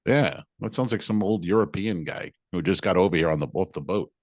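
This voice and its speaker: A man's voice: deep voice, brisk, no room sound. A man co-hosting a comedy podcast, teasing his partner with needling questions in casual chat. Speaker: podcast co-host.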